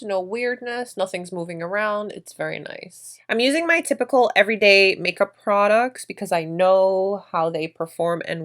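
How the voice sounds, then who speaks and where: A woman vlogger narrating her makeup routine in a chatty, effusive way, gushing over products. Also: medium pitch. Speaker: beauty vlogger.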